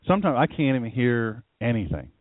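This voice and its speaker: Animated preaching man on a tinny phone line. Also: medium pitch, a little fast, no echo. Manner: animated, conversational, repeats phrases for emphasis. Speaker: pastor and radio show host. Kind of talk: lively preaching on a live call-in radio show.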